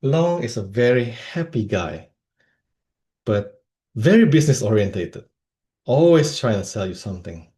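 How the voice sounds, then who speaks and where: A man's voice: medium pitch, unhurried, pauses often. A man from Indonesia giving a humorous personal-story speech at a speaking club. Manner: animated, comic storytelling with voices.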